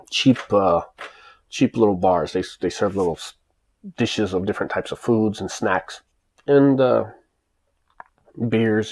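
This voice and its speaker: Telling a personal story about living in Japan, this American vlogger has a fairly low, somewhat mellow voice with vocal fry. His delivery is casual and emphatic, rambling and full of restarts.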